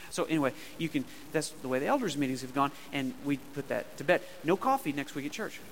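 A man's voice: on the high side, lively intonation, moderate pace, a little hiss or hum. A man preaching a sermon as pastor in a church, emphatic and conversational, drawing the congregation into call-and-response. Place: church sanctuary. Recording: long reverb of a large hall.

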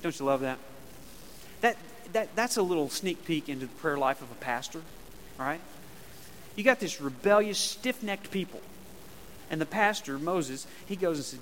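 A male pastor preaches a sermon in a church sanctuary, emphatic and conversational, drawing his congregation into call-and-response. His voice is fairly high, animated and a bit bright, at a moderate pace with frequent pauses. Slight background noise and the long reverb of a large hall color the recording.

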